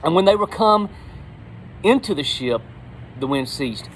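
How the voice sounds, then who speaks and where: Man, middle-aged, folksy lay sermon, animated, fairly high voice, faint traffic outside. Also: a little slow, low-quality recording. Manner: folksy and animated, with repeated words. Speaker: lay preacher. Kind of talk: casual sermon.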